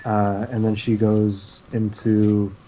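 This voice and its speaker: A man co-hosting a casual podcast, recapping cartoon plots in a sarcastic, deadpan way. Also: fairly low pitch, takes it slowly, slight background noise, rough recording. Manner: sarcastic, deadpan recounting of plot. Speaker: podcast co-host.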